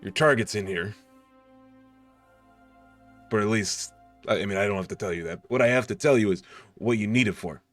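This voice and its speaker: A man's voice: lowish voice, normal speed, pauses often, fairly bright tone, soft background music, natural voice. A man voicing an evasive male mission handler who halts and dodges questions while briefing a crew in a tabletop game.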